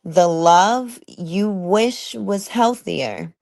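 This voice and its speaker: A woman's voice: mid-range voice, extremely slow, gravelly, darkish tone, no echo, studio quality. A woman hosting a personal motivational talk, emphatic and colloquial, often tagging her points with "okay?". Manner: emphatic, keeps asking "okay?"; colloquial, drawls some phrases. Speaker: podcast host.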